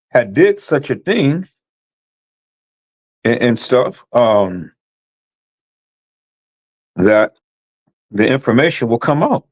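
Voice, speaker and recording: A man, ranting on his live stream with lively pitch that swings up and down. He repeats phrases and keeps calling out to his viewers. His voice sits in a middle register. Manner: impassioned, repetitive, addresses viewers as "peoples".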